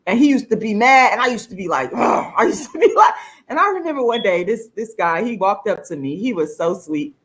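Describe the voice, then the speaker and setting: A woman vlogger in a casual to-camera monologue, talking emphatically with plenty of swearing and her pitch jumping high for emphasis. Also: lively intonation, brisk, fairly bright tone. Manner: emphatic and profane, with laughs between points.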